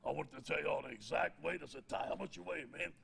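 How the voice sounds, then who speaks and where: Gravelly coach, folksy and bright. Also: male voice, a little high, quick pace, slight background noise. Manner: folksy storyteller, laughs at his own jokes. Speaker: head football coach. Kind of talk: press conference speech.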